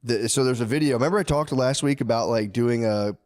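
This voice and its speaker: A man in loose, rambling podcast chat, swearing freely and breaking into laughter. His voice sits at an ordinary middle pitch. The sound is dry and close, with no room in it. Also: fairly quick, darkish tone, no echo. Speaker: podcast co-host. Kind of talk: casual podcast banter.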